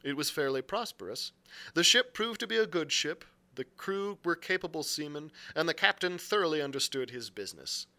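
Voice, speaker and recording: Guy reading a storybook out loud, bright voice, bit high, trips on a word now and then. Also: moderate pace. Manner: expressive storytelling with occasional slips and self-corrections. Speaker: library reader. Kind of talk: reading a novel aloud on a live show.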